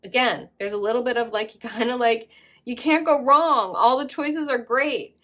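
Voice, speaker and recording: A woman's voice: on the high side, moderate pace, a bit bright. A woman giving a casual pick-a-card tarot reading, effusive and rambling, with many fillers. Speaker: tarot reader.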